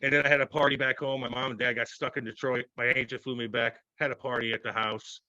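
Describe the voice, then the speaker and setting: A man in his thirties, a former hockey player, telling stories loudly and profanely in a casual interview. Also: medium pitch, fast, dry recording, muffled recording. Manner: loud, profane, animated storytelling.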